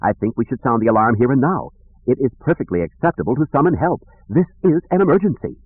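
A man's voice: medium pitch, expressive, fast talker, husky, no room sound, pitched above the performer's own voice. A man voicing a fussy, anxious male protocol droid who wails his complaints, on a tinny dry recording. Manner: prim and anxious, wailing complaints.

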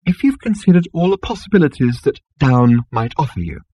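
A man's voice: a little high, big pitch swings, a little fast, a little mellow, breathy edge, dry recording, voice pushed up. A talking elevator that coaxes in a honey-sweet voice and frets about the future, as a man puts it on. Its tone rides up and swoops all over. The audiobook recording sounds close, dry and a little dull. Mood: wheedling. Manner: syrupy, sweetly persuasive, nervous. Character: fawning, anxious talking elevator machine.

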